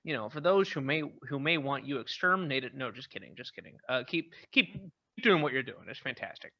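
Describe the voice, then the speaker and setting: A man's voice: medium pitch, expressive, brisk, bright, forceful tone. A man co-hosting a podcast with crude, mock-outraged banter full of swearing. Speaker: podcast co-host. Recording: dull lo-fi audio.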